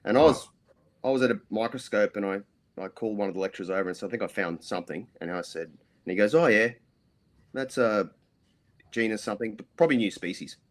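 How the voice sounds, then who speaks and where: A man's voice: lowish voice, fast talker. A middle-aged Australian man, a podcast guest, telling rambling stories full of ums and restarts. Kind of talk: casual interview storytelling.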